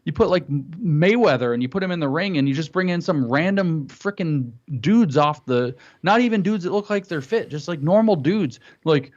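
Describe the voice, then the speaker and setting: A man tells a story in an animated way during casual chat and acts out what other people said. His voice sits a little high. The audio is dull and lo-fi. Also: brisk, few pauses.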